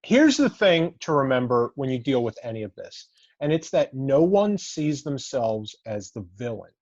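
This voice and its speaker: Measured podcast man, lively pitch. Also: no echo, highs cut off. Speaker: podcast co-host. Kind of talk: casual chat.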